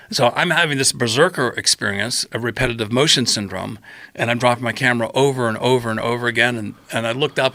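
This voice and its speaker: Gravelly, bright-voiced man telling a story. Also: medium pitch. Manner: acts out his own quoted remarks, tangential and repetitive. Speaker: podcast guest. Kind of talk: animated personal storytelling.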